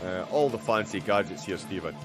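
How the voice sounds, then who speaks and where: A man's voice: low-pitched, animated, fairly quick, over music. A man commentating a sim racing event live, chatting and joking with a guest between race updates. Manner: chatty, jokey, banter-filled.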